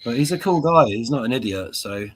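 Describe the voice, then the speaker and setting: A man's voice: medium pitch, expressive, brisk, husky. A man chatting on a stream, thoughtful and repeating words as he works out his point. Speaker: stream guest. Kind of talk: casual chat.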